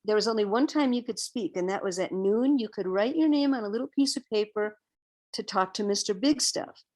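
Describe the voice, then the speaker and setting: A woman in her sixties, a guest on an interview podcast, telling a personal story in an animated way and acting out her own past outbursts. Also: medium pitch, brisk. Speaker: interview guest, vegan educator.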